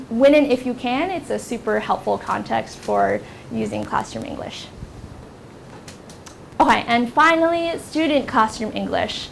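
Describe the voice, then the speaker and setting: Young woman, American accent, workshop instructor, casual lecture, filler words, faint low rumble behind. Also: gravelly. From United States. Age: young adult. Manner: casual, filler-heavy delivery with many ums and likes. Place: university classroom.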